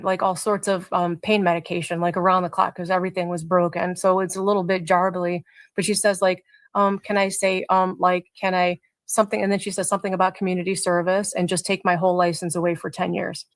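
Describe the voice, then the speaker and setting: A woman whose fairly low, level voice has a gravelly, creaky edge speaks as a guest on a live-stream interview; she is a mother involved in a crash case. She talks haltingly, often restarting and trailing off. The recording is dry and close, with no echo.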